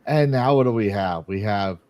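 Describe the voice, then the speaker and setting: A man's voice: fairly low pitch, moderate pace, a little mellow, dry recording. A man hosting a casual interview podcast, blunt and opinionated, joking at his own expense. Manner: blunt and opinionated, self-deprecating. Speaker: podcast host.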